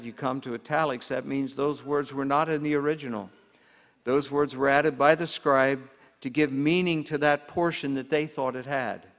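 A man preaching a sermon as pastor, earnest and emphatic, slowing down to stress key words. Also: mid-range voice. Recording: long hall reverb.

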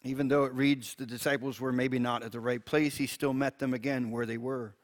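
Male preacher with a mid-range voice, gentle, reads scripture aloud and laughs softly. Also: medium pitch, steady tone, brisk. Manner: gentle, chuckles often, repeats words when restarting. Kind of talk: Bible teaching, reading scripture aloud.

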